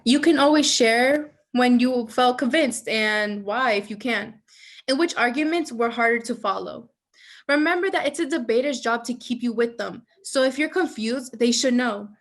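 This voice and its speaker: A woman with a high voice leads a training presentation. She reads slide text aloud and then explains it in her own words. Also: fairly bright tone. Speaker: debate judge trainer. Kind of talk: instructional presentation.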